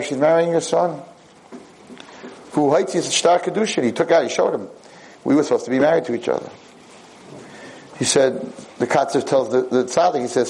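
A man giving a religious lecture, telling a story in a lively way and acting out what the characters say. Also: mid-range voice, a little hiss or hum, rough recording.

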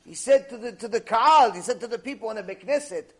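A man's voice: very high voice, lively intonation, fast. A man teaching a Torah lecture, speaking emphatically with lots of rhetorical repetition.

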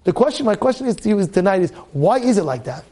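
A high-pitched man teaches a Torah class as a rabbi, stacking rhetorical questions and doubling back on his words. He slips into a raised voice when he acts out his students' complaints. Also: big pitch swings, fast, mellow. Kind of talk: weekly Torah portion class.

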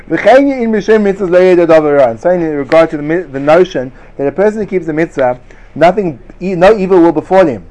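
A man giving a lively Torah class to students, sarcastic and quick to laugh at his own points. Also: fairly high pitch. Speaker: Torah teacher.

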